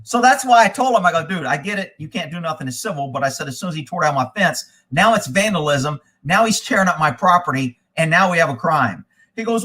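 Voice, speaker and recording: A man spins a profane story on a live show, his voice high and bright. He swears freely and acts out the people he quotes. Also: lively intonation, fast. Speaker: host. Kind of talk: casual live-stream storytelling.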